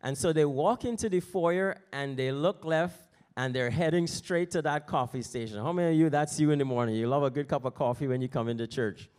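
A man's voice: on the high side, brisk, darkish tone. A man preaching as a pastor, telling a story in a conversational way. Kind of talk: sermon with story.

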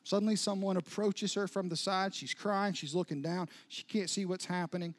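High-voiced man preaching a dramatic sermon. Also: fairly even intonation, moderate pace. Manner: dramatic storytelling with sudden soft drops and rising intensity. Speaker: pastor.

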